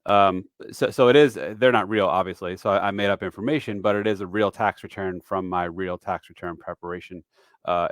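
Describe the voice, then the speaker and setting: A man's voice: sits low, no echo. Chatty man in his forties, dry sound. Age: 40s. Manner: loose and chatty with dad jokes, many fillers; self-deprecating. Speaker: retirement tax educator hosting a live stream. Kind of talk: casual live-stream walkthrough.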